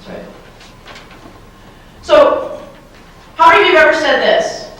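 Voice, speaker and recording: Her high, slightly bright voice moves at a measured pace as she delivers a playful, question-filled motivational keynote to a live audience in a large hall. The handheld microphone is heard from afar, and the hall is very echoey.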